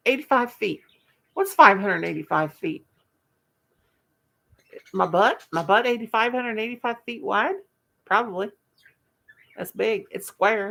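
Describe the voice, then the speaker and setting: Older lady rambling on her live stream, gravelly voice, pokes fun at herself. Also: mid-range voice, fairly bright tone. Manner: folksy and self-mocking, laughs at her own jokes. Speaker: livestream host. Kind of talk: casual live chat with viewers.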